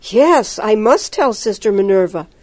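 A woman's voice: medium pitch, lively intonation, measured pace, a little mellow. A woman reading as a firm, chiding father. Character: fisherman father, man, firm but caring.

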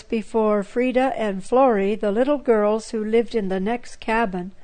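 A woman narrating a children's story in a gentle, measured way. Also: on the high side, poor audio.

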